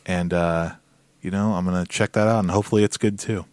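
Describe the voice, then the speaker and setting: A man from Louisiana co-hosting a podcast, animated and opinionated in casual chat, swearing now and then. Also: low voice, fairly quick, no echo. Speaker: podcast co-host.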